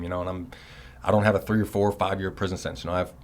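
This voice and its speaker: Racing along in a low-pitched voice, a man in his thirties recounts, as a son, the years he spent in prison. The long tale wanders casually, heavy with curse words and repeated "you know"s.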